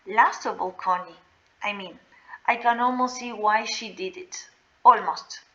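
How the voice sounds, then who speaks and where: A woman's voice: mid-range voice, measured pace, bright, forceful tone, lo-fi sound. A woman reading the lines of a teenage boy telling a painful story in a subdued, weary way.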